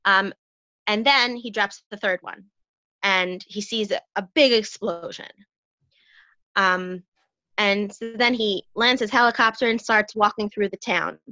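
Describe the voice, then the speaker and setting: A woman guest in a casual conversation, chatty and jokey, quick to laugh. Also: medium pitch, bright, forceful tone, no echo, lo-fi sound.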